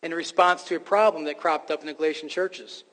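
An emphatic man preaching, his voice pitched high and full of restarts and fillers as he presses his point. His voice rings out with the long reverb of a large hall. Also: steady tone, brisk, fairly bright tone. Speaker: pastor. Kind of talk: sermon.

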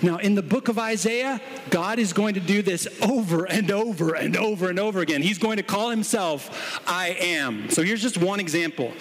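A man's voice: high voice, animated, moderate pace. A man preaching an expository sermon to a congregation, teaching with rhetorical questions. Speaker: pastor. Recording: long hall reverb.

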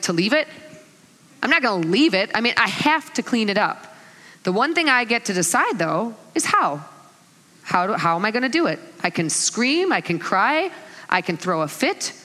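Animated woman preaching in an echoey hall. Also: a little high. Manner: animated storytelling with laughs and acted-out voices. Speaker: speaker at a church talk. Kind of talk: sermon.

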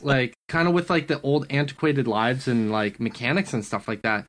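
A man's voice: mid-range voice, normal speed, hardly any pauses, a bit bright. A man co-hosting a gaming podcast, chatting casually and leaning on fillers like "like". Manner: filler-heavy, says "like" a lot. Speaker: podcast co-host. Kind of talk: casual chat.

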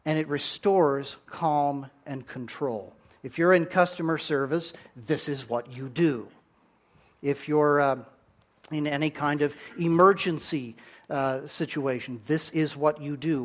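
Slow-speaking preacher man. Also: on the high side. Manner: animated storytelling with swings in loudness. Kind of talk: sermon.

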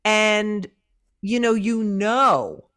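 A woman's voice: mid-range voice, very slow. A middle-aged woman comedian chatting on an interview show. She tells her stories with lots of energy, slipping into voices for the people she quotes and swearing freely. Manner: animated storyteller, acts out quotes, swears. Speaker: comedian guest. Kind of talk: casual interview chat.

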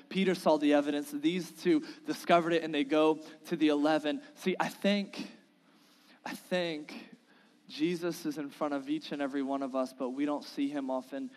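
Guy preaching in church, earnest and pleading, kinda high voice, big echoey hall reverb. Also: a little mellow. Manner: earnest, building to impassioned pleading. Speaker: pastor. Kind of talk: sermon with scripture reading. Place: church sanctuary.

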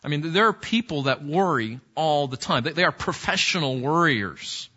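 A man delivers a sermon in an earnest, conversational manner, stumbling and restarting as he works through his points. His voice sits a little high and sounds bright and forward. The recording is dull and lo-fi. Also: lively intonation, normal speed. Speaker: pastor.

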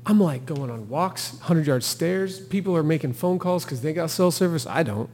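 A man's voice: fairly high pitch, normal speed, big-room sound, a little hiss or hum. A man, a thru-hiker guest on a podcast, telling his story in casual talk and acting out the quotes with laughter. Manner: animated storyteller who acts out quotes and laughs.

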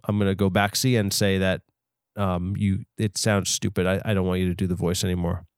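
A man putting on a low, gruff voice as a stern, self-important judge. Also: little pitch movement, fairly quick, no room sound, studio quality, close to an everyday voice. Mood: bossy.

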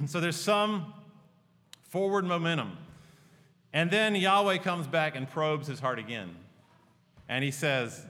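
Guy preaching a sermon, earnest and chatty, bright forceful voice, long echo from a big church hall. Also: fairly high pitch, lively intonation, slow, long pauses. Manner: earnest, conversational, with personal stories. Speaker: pastor. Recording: long reverb of a large hall.

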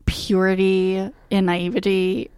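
Woman, mid pitch, dry close sound, blunt, teasing, rambling, casual movie chat. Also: completely flat delivery, slow pace, a little mellow, clean tone, no echo. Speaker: podcast co-host.

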